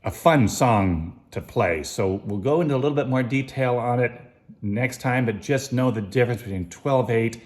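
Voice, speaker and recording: A man's voice: mid-range voice, normal speed, a little mellow. Man teaching music, counting beats aloud. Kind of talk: casual music lesson.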